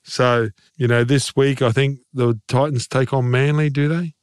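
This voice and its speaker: Smooth and medium-pitched, his voice moves at a moderate pace with fairly even intonation, captured at studio quality without echo. He's a former rugby league player co-hosting a rugby league podcast, offering blunt, fervent takes in a casual studio conversation.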